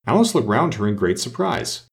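A man narrating a children's story aloud with an expressive reading. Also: mid-range voice, normal speed, vocal fry.

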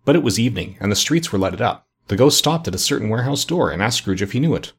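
A man narrating a classic story as an audiobook in a measured, expressive reading. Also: lowish voice, slightly rough.

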